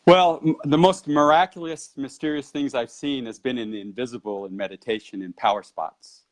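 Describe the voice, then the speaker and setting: A man who teaches Qigong and Tai Chi, telling a long personal story in an interview. He talks like an animated storyteller and keeps his pace moving. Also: mid-range voice, fairly quick.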